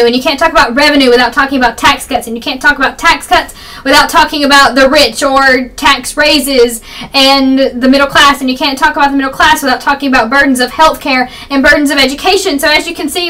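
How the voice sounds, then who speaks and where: A young woman vlogging casually about politics, talking quickly and rambling with strong opinions, her voice a little froggy. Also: high voice, pushed and bright. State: slightly froggy voice. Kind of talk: fast casual political vlog. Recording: distant camera mic.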